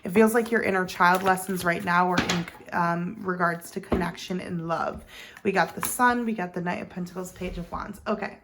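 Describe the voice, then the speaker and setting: Woman tarot reader, casual chatty delivery with fry, lots of ums and restarts. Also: lowish voice, fairly even intonation, normal speed, background noise. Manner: chatty, meandering, with many ums and self-corrections. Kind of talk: casual pick-a-card tarot reading.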